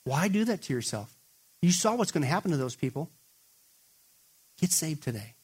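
With a husky voice and a quick pace, a pastor drives his sermon points hard, talking straight to his listeners and calling them "folks." His emphatic delivery climbs to a raised, excited pitch whenever he quotes.

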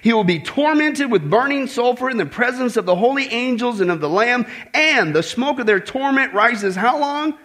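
Animated high-voiced male preacher. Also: moderate pace, hardly any pauses. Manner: animated, joking asides to the congregation, emphatic repetition. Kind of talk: sermon.

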